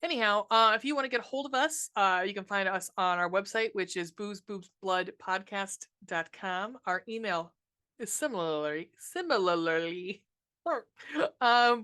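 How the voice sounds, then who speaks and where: A woman's voice: mid-range voice, pushed and bright. A woman co-hosting a horror movie podcast, ranting casually with lots of swearing and ums. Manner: profane, ranting, frequent ums. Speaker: podcast co-host reviewing horror films. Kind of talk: casual movie review chat.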